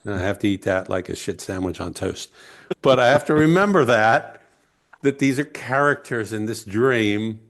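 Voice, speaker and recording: A man from the United States, a guest author, telling heartfelt stories slowly and reflectively in an interview. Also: fairly low pitch, expressive. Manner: heartfelt, emotional, slow and searching.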